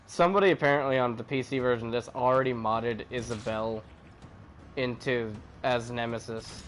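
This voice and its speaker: A man chatting casually while streaming a game, animated and joking, swearing freely. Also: mid-range voice, normal speed, slight background noise. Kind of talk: casual gaming chat.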